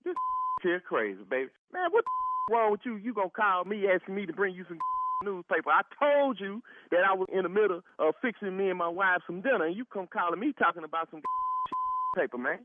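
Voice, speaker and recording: A man's voice: high-pitched, animated, fairly quick. A man on a phone call who refuses a stranger's request, exasperated and breaking into disbelieving laughter. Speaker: prank call target. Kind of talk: phone conversation. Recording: tinny phone line.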